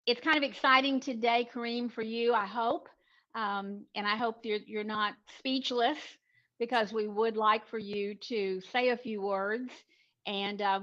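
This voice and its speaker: A woman of middle pitch reads out a formal award announcement in an upbeat tone, then loosens up a little. The sound is slightly dull, as if lo-fi. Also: fairly bright tone. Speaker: event presenter announcing an award. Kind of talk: reading a prepared announcement.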